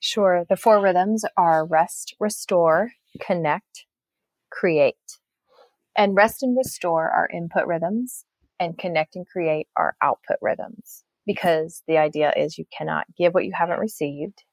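A woman's voice: fairly low pitch, a little slow, no echo. A woman speaking as an author guest on a faith-based podcast, reflective and earnest, often restarting her sentences.

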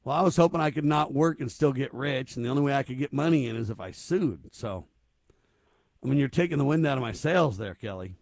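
A man's voice: medium pitch, a little fast, gravelly, no room sound, clean studio sound. A man hosting a talk show, chatting casually and joking as he puts questions to his co-hosts.

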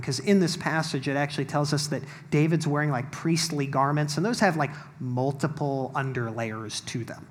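A man giving a sermon as pastor, reading scripture and explaining it in a wry, conversational way with asides to the congregation. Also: fairly high pitch.

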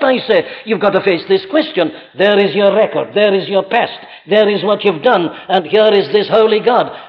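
Insistent preacher in an echoing church. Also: male voice, high voice, highs cut off. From Wales. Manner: earnest, insistent, rhetorical questions. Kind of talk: evening sermon.

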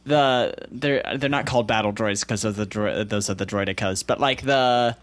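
A man's voice: lowish voice, moderate pace. A man in casual podcast chat, rambling through lots of "like" fillers and laughing easily.

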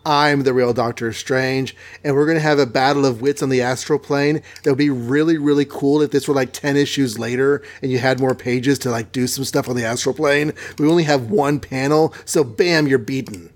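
A man's voice: mid-range voice, fairly even intonation, normal speed, hardly any pauses, natural voice. A man voicing a smug, offhand male comic-book sorcerer hero who brushes people off.

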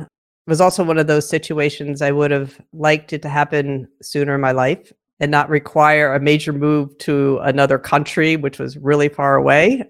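A woman co-hosting a podcast, talking earnestly and gratefully about her experience before asking her partner a question. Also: low-pitched. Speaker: podcast co-host. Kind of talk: podcast conversation.

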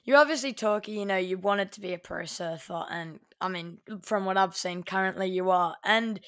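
A woman's voice: medium pitch, fairly quick, fairly bright tone. A woman hosting a podcast interview, enthusiastic and effusive, often restarting her sentences. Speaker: podcast host. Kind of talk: casual interview.

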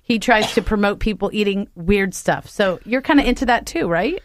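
A woman's voice: medium pitch, lively intonation, normal speed. A woman hosting a radio talk show in a studio, chatting enthusiastically about food and wine with her guests. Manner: enthusiastic, chatty, laughs often. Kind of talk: casual interview chat.

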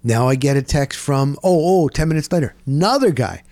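A middle-aged man, telling a rambling story in casual chat, dropping "boom" into his sentences. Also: a little fast, dry recording. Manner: animated, punctuates with "boom". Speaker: sports radio co-host.

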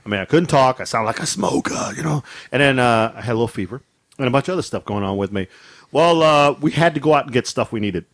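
A man's voice: fast talker, no echo. A man co-hosting a casual podcast, telling a funny story with lots of laughter and voiced asides. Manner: animated, laughing, mimics wife in high voice. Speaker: podcast co-host.

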